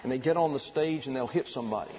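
A man preaching a sermon, working through numbered points in a deliberate, emphatic way. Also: mid-range voice, muffled recording, a little hiss or hum. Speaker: pastor.

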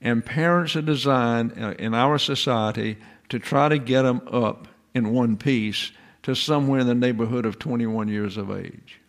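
A man's voice: mid-range voice, normal speed, hardly any pauses. A man giving an informal lecture in a folksy, digressive way, full of rhetorical questions.

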